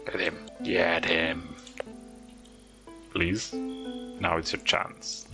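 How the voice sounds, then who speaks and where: Extremely slow and flat, with a creaky low voice and long pauses, a man narrates his gameplay in a casual let's-play, coaxing and teasing the characters. Game music plays underneath.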